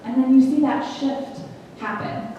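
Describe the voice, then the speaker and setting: A woman speaks in an earnest, conversational way, teaching a group and reading scripture aloud. Her voice sits a little high and sounds mellow. It is picked up from a distance in a big, echoing hall. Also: fairly even intonation, unhurried, muffled recording, a little hiss or hum. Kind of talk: women's teaching talk. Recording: echoey hall from far off.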